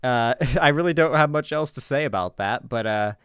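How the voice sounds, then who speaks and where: Smooth-voiced man, rambling sarcastic commentary. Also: mid-range voice, expressive, moderate pace, fairly bright tone. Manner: rambling, many filler words, sarcastic asides. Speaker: commentary host. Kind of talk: casual reaction commentary.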